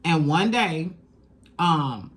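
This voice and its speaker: A woman giving a casual tarot reading, talking straight to the viewer in emphatic, slangy, profane bursts that jump from loud and high to low and quiet. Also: animated, drawn-out words. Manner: emphatic, slangy and profane, coaching the listener directly. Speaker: tarot reader.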